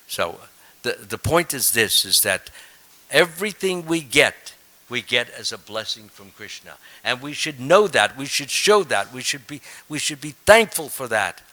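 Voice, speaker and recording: A man's voice: mid-range voice, big pitch swings, measured pace, pushed and bright, poor audio. An older man, a swami, giving a Sunday sermon, earnest and repetitive, with many fillers and the odd chuckle.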